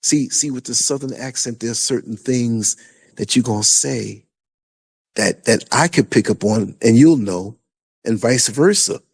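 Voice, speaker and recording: A man with a New York accent hosting a podcast, talking in a loose, animated way with lots of restarts. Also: mid-range voice, unhurried, vocal fry, husky. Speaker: podcast host. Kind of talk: casual conversation.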